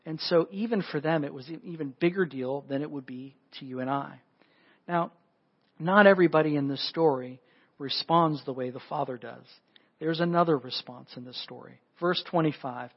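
A man preaching a sermon in an animated way, acting out the voices in the scripture with big jumps in pitch. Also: normal speed, slightly rough, dull audio. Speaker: pastor.

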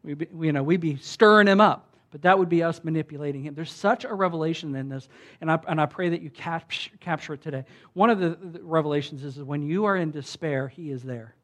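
A pastor preaching a sermon in an animated, conversational way, swinging between loud emphasis and hushed asides, with many restarts. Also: medium pitch, quick pace. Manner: conversational, with frequent restarts and filler like "like".

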